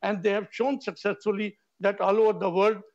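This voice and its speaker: A man's voice: high-pitched, level tone, a little fast, muffled recording. A middle-aged Indian man, a doctor on a TV debate panel, talking insistently and repeating himself to hold the floor. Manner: insistent, talks over others, repeats himself. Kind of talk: heated TV debate.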